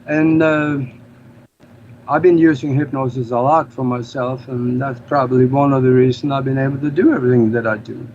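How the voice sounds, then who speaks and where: A man's voice: mid-range voice, fairly even intonation, moderate pace, darkish tone. Norwegian-born male guest, explanatory and earnest, non-native English, dull audio with faint noise. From Norway. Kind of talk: casual interview talk.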